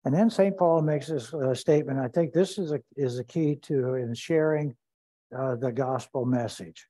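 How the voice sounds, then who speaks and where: A pastor leading a Bible study, speaking deliberately and repeating key phrases for emphasis. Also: male voice, a little high, mellow, low-quality recording.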